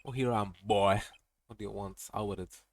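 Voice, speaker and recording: Dude doing a pompous old lawyer guy, gruff and impatient, kinda full of himself. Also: fairly low pitch, fairly even intonation, brisk, no room sound, lightly acted. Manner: gruff, self-important, impatient. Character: pompous, blustering older male lawyer. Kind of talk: reading game dialogue aloud.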